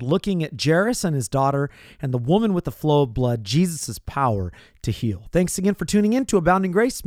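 A man's voice: fairly high pitch, a little mellow, no room sound, clean studio sound. Earnest man hosting a radio ministry. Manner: earnest, inviting. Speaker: radio program host and pastor.

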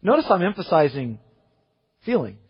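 A pastor preaching a sermon, reading scripture aloud with strong emphasis and rising, ringing phrases. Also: male voice, high-pitched, very animated, moderate pace, breathy edge. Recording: muffled sermon audio with long hall reverb.

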